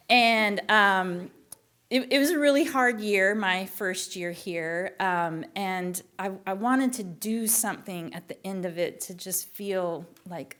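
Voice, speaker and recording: A woman's voice: on the low side, slow, a bit bright. A woman from Florida, a school librarian hosting a story slam, telling a casual story in a chatty, rambling way full of fillers. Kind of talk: casual storytelling between acts.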